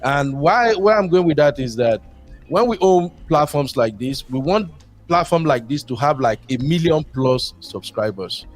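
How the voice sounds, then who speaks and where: A man's voice: a little high, lively intonation, moderate pace, faint music behind. A man from Nigeria with a Nigerian accent, calling in to a show and talking casually at length, slipping pidgin into his English. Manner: rambling, mixes pidgin into English. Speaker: caller. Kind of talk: casual call-in talk.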